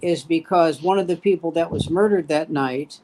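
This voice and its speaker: A man's voice: on the high side, normal speed, a little mellow, a little hiss or hum. A man in a casual comedians' chat, telling anecdotes in a dry manner with quoted punchlines. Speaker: comedian panelist.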